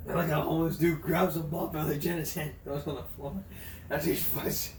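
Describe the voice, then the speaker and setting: A man's voice: fairly high pitch, level tone, a little fast, creaky, slight background noise. A man hosting a casual comic vlog, rambling crudely and laughing at his own jokes. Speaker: vlog host. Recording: echoey room.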